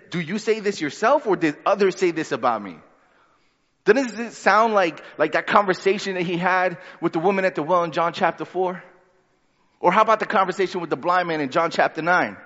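A man's voice: high voice, fairly quick, a bit bright. A man preaching a sermon as pastor, reading scripture and then retelling it in casual, conversational words. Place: church sanctuary. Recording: dull sound with long hall reverb.

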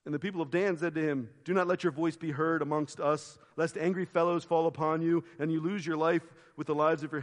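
Man preaching in a reverberant hall. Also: on the high side. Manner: expressive storytelling, voices quoted characters, drops to hushed reflective tones. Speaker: pastor. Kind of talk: sermon. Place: church sanctuary.

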